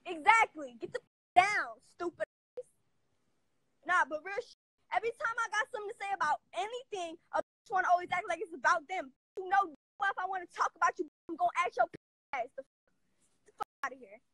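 Woman with a really high sharp voice going off on a profane rant, dry close sound. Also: no echo, poor audio. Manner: profane, confrontational, rapid-fire. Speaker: vlogger. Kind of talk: angry casual rant to camera.

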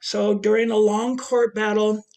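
A middle-aged woman tells her own story to an audience in a charged, emphatic voice. Her delivery surges loud and high, then drops back low. Her pitch sits in the middle for a woman. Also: little pitch movement, unhurried. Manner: impassioned, emphatic storytelling with big swings in loudness. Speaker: transgender advocate speaking at a webinar. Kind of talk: personal testimony speech.

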